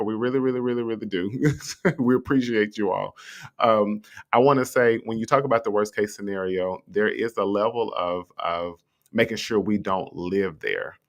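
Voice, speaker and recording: Low-voiced man hosting a motivational stream. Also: moderate pace. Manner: conversational and encouraging, addresses listeners directly; swinging pitch when asking rhetorical questions. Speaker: host. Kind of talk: motivational livestream talk. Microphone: streaming setup with a mute button.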